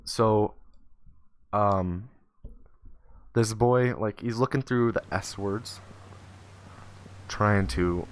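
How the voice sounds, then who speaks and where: A young man casually telling a long story as a streamer, rambling with fillers and restarts and popping into squeaky voices for the characters. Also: drawn-out words, long pauses, dry recording. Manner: acts out the kid and teacher in high squeaky voices. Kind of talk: casual storytelling while gaming.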